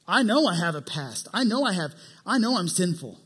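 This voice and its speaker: A contrite tax collector prays in a quiet, lowly, pleading voice, as a preacher puts him on. He sounds humble and sure he is unworthy, in a fairly high voice. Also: very animated, fairly quick, husky, exaggerated voice.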